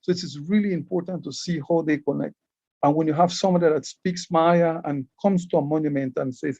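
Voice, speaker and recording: Man explaining, slightly high voice. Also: steady tone, brisk, darkish tone, no room sound. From Belize. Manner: explanatory, repeats words when starting phrases. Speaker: Maya writing educator and guide. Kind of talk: conference presentation.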